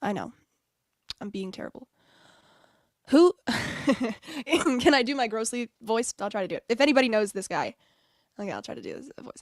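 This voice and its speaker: A woman's voice: a little high, moderate pace, long pauses, no echo. Chatty woman streamer, dry sound. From United States. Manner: chatty, laughing, animated asides. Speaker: streamer host. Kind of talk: casual stream chat.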